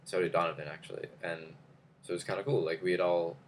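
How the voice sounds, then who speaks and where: Young man, very deep voice, casual rambling storytelling, faint background hiss. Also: fairly even intonation, fast. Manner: rambling, full of fillers and restarts. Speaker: vlogger.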